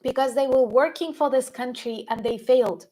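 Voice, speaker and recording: A woman's voice: high voice, moderate pace, warm tone, rough recording. A woman hosting a live-stream commentary, talking with many hesitant fillers and emphatic stresses. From Ukraine. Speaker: host.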